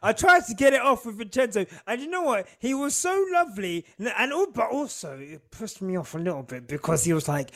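A British man co-hosting a podcast, chatting in an animated way and often breaking into laughter. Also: high voice, fairly quick, vocal fry, few pauses. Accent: British English. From Britain. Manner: animated, laughing, mimics voices. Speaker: podcast co-host. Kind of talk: casual chat.

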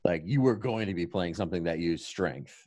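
A man's voice: low voice, lively intonation, fairly quick, a little mellow, dry recording. A man co-hosting a tabletop gaming podcast in casual chat, laid-back and blunt with casual swearing. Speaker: podcast co-host and tabletop player.

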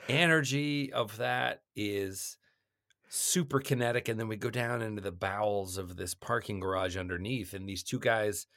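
Low-voiced man discussing films. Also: normal speed, gravelly, a bit bright, dry recording, studio quality. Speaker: podcast co-host. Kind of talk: casual movie discussion.

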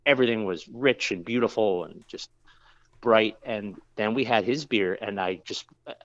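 A man's voice: fairly low pitch, moderate pace, lo-fi sound. A man who works as a brewer, telling a long story in a casual interview, rambling with lots of fillers and restarts.

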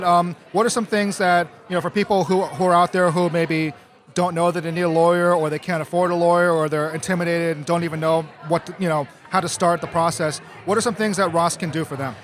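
Journalist guy asking long rambly questions, quick, kinda high voice. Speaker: legal journalist interviewer. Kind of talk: interview questions.

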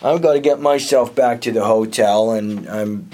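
A man's voice: fairly low pitch, normal speed, dark tone, slight background noise, lightly acted. An actor playing a flustered, indignant man who stammers and trips over his words while defending himself. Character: flustered, indignant middle-aged man being accused. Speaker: interviewee. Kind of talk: comedic audio drama acting.

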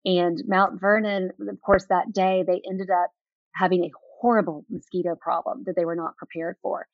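A woman's voice: lowish voice, level tone, normal speed, dry recording. A woman guest in an interview telling enthusiastic stories with frequent fillers. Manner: enthusiastic, anecdotal, many fillers. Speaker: author guest. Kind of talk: interview storytelling. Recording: dull lo-fi sound.

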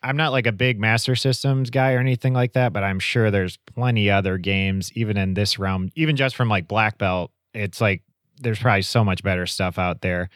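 A man with a low voice that sounds dry and close, with no room around it. He rambles through his opinions on a podcast, full of "like" and "you know.". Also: steady tone, moderate pace, a bit bright, no echo. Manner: rambling, with many fillers. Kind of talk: casual chat.

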